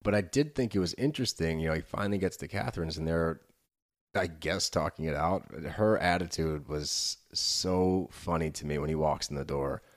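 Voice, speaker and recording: A man with a very low, deep voice talks through a reality show episode in loose, opinionated podcast banter. He laughs easily and swears freely, and his delivery stays relaxed and conversational. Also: normal speed. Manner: animated, opinionated, laughs often. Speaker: podcast co-host. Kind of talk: casual reality TV recap chat.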